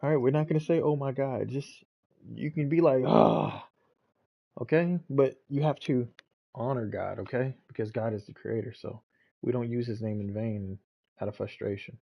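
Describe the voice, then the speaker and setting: A man speaks at a middle pitch while streaming a video game, talking patiently to his child off to the side. The audio sounds slightly dull and lo-fi. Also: normal speed, vocal fry. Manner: talks gently to his child off-mic. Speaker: gaming streamer. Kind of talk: casual gameplay commentary.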